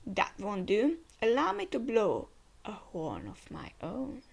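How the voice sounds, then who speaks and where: A woman voicing a sinister old male elder in a hushed, menacing whisper, as a whispered role-play of a comic. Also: mid-range voice, huge pitch swings, takes it slowly, vocal fry, breathy edge, heavily acted.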